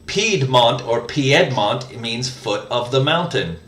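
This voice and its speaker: A man working through a language lesson out loud, hesitant and full of fillers and self-corrections. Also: mid-range voice, lively intonation, slow. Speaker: language learner host. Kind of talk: casual spoken lesson, thinking aloud. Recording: roomy, mic at a distance.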